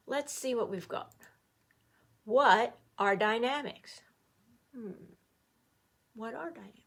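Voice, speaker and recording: A middle-aged woman teaching an online music lesson to children, playful and animated, cheering the class on. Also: fairly high pitch.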